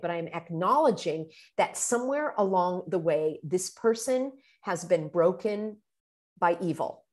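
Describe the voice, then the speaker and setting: A middle-aged woman giving earnest, animated self-help advice as a video host, dropping to a hushed tone for the phrases she quotes. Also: medium pitch. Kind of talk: motivational self-help talk.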